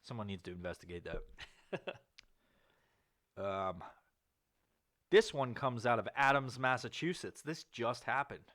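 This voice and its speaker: On a clean studio recording with no room sound, a man co-hosting a podcast reads news items in casual back-and-forth. He's animated but measured, leaving long pauses, his tone fairly bright, and he laughs often, curses freely and jumps into squeaky put-on voices.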